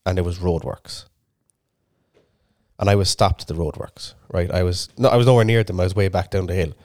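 A man's voice: deep voice, steady tone, a little fast, a little mellow, no echo. Sweary man telling a story. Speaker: podcast co-host. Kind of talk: casual chat.

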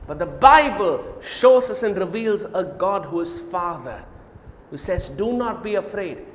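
A man preaching a sermon, swinging from loud, emphatic declarations to quiet, low asides and repeating Scripture phrases for emphasis. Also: animated, normal speed. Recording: echoey hall, roomy reverb.

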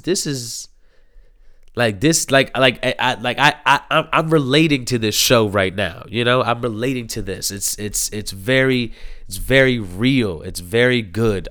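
A man's voice: fairly low pitch, a bit bright, clean tone, no room sound, clean studio sound. A man in his thirties chatting casually about a show, rambling with lots of fillers and restarts. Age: 30s. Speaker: show reviewer. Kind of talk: casual chat.

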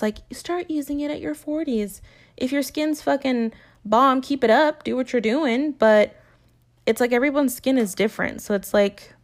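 A woman in her late twenties chatting candidly to her viewers, swearing freely and using lots of filler words. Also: mid-range voice. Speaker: vlogger. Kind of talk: casual chat to viewers.

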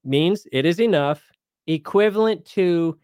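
A man's voice: on the high side, unhurried, a little mellow, smooth, no room sound, clean studio sound. A man hosting a live Bible question show, explaining verses in a casual, conversational way and paraphrasing scripture in everyday speech. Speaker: Bible teacher host.

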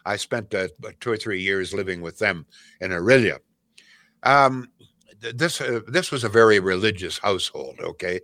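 A man's voice: on the low side, lively intonation, normal speed, pushed and bright, no room sound. An older man, a radio host telling rambling family stories and reading a live ad. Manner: rambling storyteller, laughs at own stories. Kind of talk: casual radio chat and live ad read.

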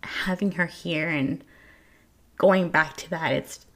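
A woman's voice: on the low side, steady tone, slow pace, fairly bright tone. A young woman, a new mother, candidly telling her birth story to viewers in a casual way, stumbling over repeated words. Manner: candid, repeats words when emotional, addresses viewers directly. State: tearful at times.

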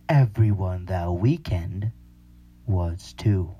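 Slow-talking slangy young male host. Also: low voice, big pitch swings, dark tone, breathy edge. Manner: slangy, rambling, laughs often. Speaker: podcast host. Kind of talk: casual chat.

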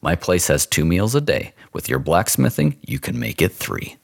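A man voicing a stout, gruff, domineering frontier Indian agent who gives curt, menacing orders. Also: low voice, very animated, moderate pace, no room sound, clean studio sound, heavily acted.

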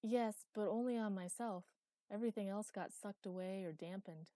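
A woman's voice: mid-range voice, normal speed, mellow, no echo, close to an everyday voice. Woman reading as a lonely, wistful ghost wanderer. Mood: weary. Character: small ghostly girl-like wanderer, lonely and sad.

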